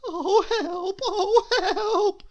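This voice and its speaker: A man's voice: drawn-out words, dull audio, exaggerated voice. A man voicing a tiny, nervous storybook character who stammers and shrieks in panic. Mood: panicked shrieking. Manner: shrill, stammering, terrified. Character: tiny panicky nervous male blob, trembling.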